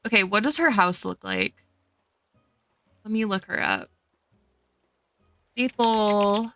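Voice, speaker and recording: A woman's voice: mid-range voice, wildly swooping pitch, takes it slowly, fairly bright tone. A young woman streaming a cozy game, chatting casually, reading chat aloud and gushing over cute characters. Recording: dry close sound with faint game music.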